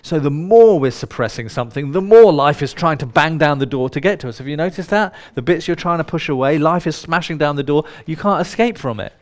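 A man's voice: on the high side, lively intonation, fairly quick, hardly any pauses. A man leading a live workshop in a room full of people, speaking in a playful, irreverent way and swearing now and then. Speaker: workshop leader. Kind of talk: live workshop talk to an audience.

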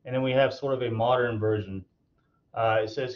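Male tutor, mid-pitched, loose and halting delivery with fillers, dull lo-fi recording. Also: fairly even intonation. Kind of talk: recorded online lecture.

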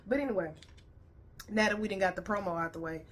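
A woman's voice: mid-range voice, steady tone, racing, a bit bright. A woman vlogger chatting casually to her viewers, blunt and profane, tired and her voice a little worn. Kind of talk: casual reaction video chat. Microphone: headphones on.

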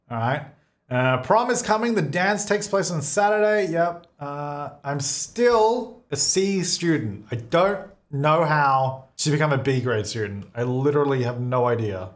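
Animated young man narrating gameplay. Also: a little high. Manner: animated, exasperated, laughs often. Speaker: gaming video host. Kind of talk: casual let's-play commentary.

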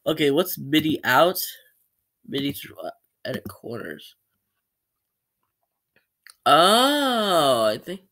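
A man's voice: fairly high pitch, sing-song, slow, pauses often, sharp tone, slight background noise. A man with the hiccups casually commenting as he tries out web experiments, reading on-screen text aloud and apologizing now and then. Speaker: YouTuber trying web experiments.

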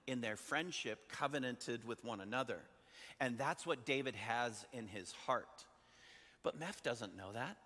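A man's voice: mid-range voice, pushed and bright, big-room sound. A man preaching a sermon as pastor, telling a Bible story in a conversational way and asking his listeners questions. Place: church sanctuary.

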